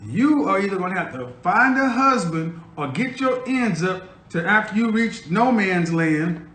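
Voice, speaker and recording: A man's voice: high voice, lively intonation, measured pace, hardly any pauses, loud music behind the voice. A man hosting a live stream, lecturing and teasing his audience in a provocative, mocking way. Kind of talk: casual live-stream monologue. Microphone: phone.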